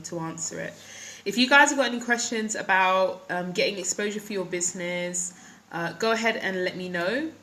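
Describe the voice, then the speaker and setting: A woman's voice: mid-range voice, fairly bright tone, a little hiss or hum, rough recording. A middle-aged woman hosting a casual live stream from her phone, chatting with viewers and greeting them by name between thoughts, with many ums.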